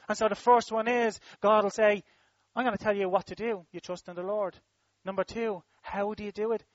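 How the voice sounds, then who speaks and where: Emphatic high-voiced male preacher. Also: a bit bright, no echo, muffled recording. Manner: repetitive, emphatic, rhythmic preaching with dynamic swells and drops. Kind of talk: sermon.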